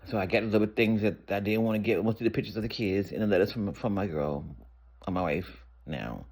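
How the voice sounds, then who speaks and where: A man's voice: lowish voice, fairly quick, a little mellow, slightly rough. A man telling a personal story in a casual, candid storytime vlog, rambling and restarting as he goes. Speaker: storyteller vlogger.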